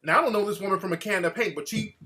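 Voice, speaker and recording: A man hosting a talk show, ranting in an animated, mocking way and putting on voices to quote people. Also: high-pitched, racing. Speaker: show host. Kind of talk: casual talk-show rant.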